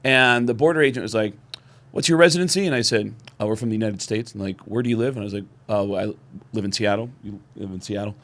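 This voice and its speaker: Animated middle-aged man telling stories. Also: lowish voice, fast talker. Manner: animated storyteller acting out quoted voices. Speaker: podcast co-host. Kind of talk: casual storytelling chat.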